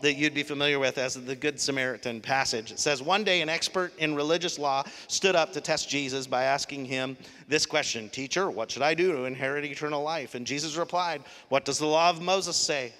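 A man preaching a sermon as pastor, animated, shifting from quiet reflection to loud emphasis. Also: fairly high pitch. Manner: animated, swings from soft to loud. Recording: long hall reverb.

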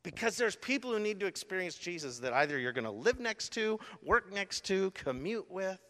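A man's voice: sits high, big pitch swings, moderate pace, fairly bright tone. A middle-aged man preaching a sermon as a pastor, telling a story animatedly with lots of casual fillers. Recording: long hall reverb.

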